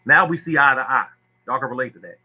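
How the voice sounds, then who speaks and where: A man hosting a lottery livestream talks bluntly to his viewers and hammers every point home by repeating it. His voice is very bright and sharp, with a husky, raspy edge. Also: medium pitch, fast, poor audio. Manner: blunt, preachy, repeats himself. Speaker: lottery tips host. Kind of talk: livestream talk answering viewers.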